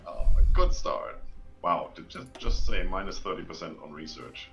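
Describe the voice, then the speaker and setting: A man's voice: low voice, big pitch swings, normal speed. A man co-hosting a strategy game livestream, reacting and exclaiming at what happens on screen. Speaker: co-host of a gaming stream. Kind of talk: casual gaming livestream chat. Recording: game music clearly audible behind.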